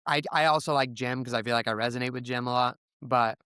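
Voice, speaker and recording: A man's voice: fast, clear, resonant tone, no echo, clean studio sound. A man in his thirties, a former teacher, telling stories in a casual chat and acting out what others said. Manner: animated storyteller, acts out quotes with raised pitch.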